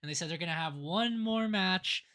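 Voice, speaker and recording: Podcast co-host, bright tone, rambling casual recap with lots of restarts. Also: medium pitch, normal speed. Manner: rambling, with many fillers and restarts. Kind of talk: casual wrestling recap chat.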